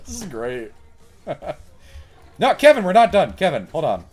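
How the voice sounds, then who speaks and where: Excitable man streaming a game. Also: a little high, slow, faint music behind. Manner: excitable, yelling commands at a pet and laughing. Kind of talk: live gameplay commentary.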